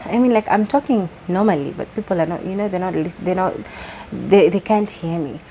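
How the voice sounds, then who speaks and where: Young Kenyan woman, soft and mellow, chatty code-switching vlogger, faint noise behind. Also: on the low side, quick pace, rough recording. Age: young adult. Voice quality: soft-spoken. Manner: chatty, switching between English and Sheng Swahili. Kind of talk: casual chat.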